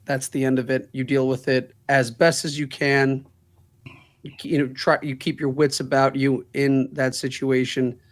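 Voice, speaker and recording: A man's voice: medium pitch, little pitch movement, moderate pace. A man, a law firm's managing partner, telling stories in a casual interview, laughing through the funny parts.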